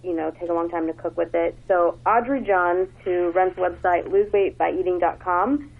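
A woman with a lowish, gravelly voice recommends books in an easygoing, chatty way, leaning on filler words. The sound is narrow and phone-like, as if carried over a radio line. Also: steady tone, normal speed. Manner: chatty and enthusiastic, with many fillers. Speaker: book recommender on a radio segment. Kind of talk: casual book talk.

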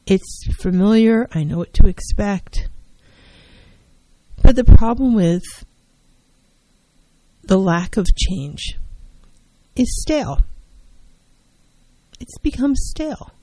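Earnest, warm-voiced woman therapist. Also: mid-range voice, animated, slow, pauses often, no room sound, low-quality recording. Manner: earnest, emphatic, repeats key phrases. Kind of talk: self-help talk on mental health.

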